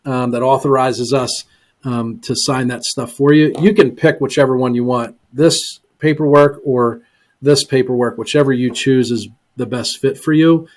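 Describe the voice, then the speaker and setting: A man's voice: medium pitch, normal speed. A man telling stories in a casual podcast interview, full of ums, often acting out what other people said. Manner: animated storyteller, many ums, voices other people in quotes. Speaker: guest, real estate investor. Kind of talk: casual interview talk, acting out sales calls.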